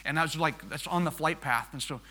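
A man with a very bright, forceful voice that sits a little high delivers a sermon as a story. He acts out the exchanges with energy, then drops to a soft, hushed tone when he reflects. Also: fast, slightly rough. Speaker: missionary pilot preaching.

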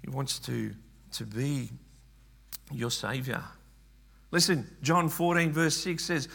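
A man's voice: mid-range voice, takes it slowly, vocal fry, long pauses, a bit bright, breathy edge. A man preaching a sermon earnestly, often repeating words and restarting phrases.

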